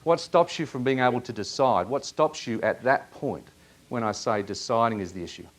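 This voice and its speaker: A man leading a live workshop in a seminar room, asking audience members lively questions. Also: mid-range voice, moderate pace. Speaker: workshop presenter.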